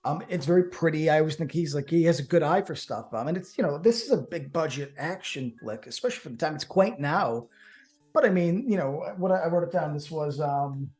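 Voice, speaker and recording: A man's voice: a little high, brisk, darkish tone, soft background music. A man co-hosting a casual movie talk show, enthusiastic and rambling, often repeating words and saying "man". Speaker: co-host. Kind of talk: casual chat.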